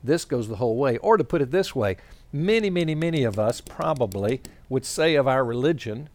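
A male preacher giving a conversational sermon, pausing often with fillers while he sketches a diagram to explain his points. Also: medium pitch, lively intonation, darkish tone. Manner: conversational, drawn-out pauses and fillers. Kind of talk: sermon with storytelling.

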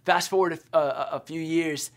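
A man in his thirties preaching a sermon as pastor, telling stories conversationally with stammered restarts and quiet, softened key lines. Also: on the high side, fairly even intonation, normal speed. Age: 30s.

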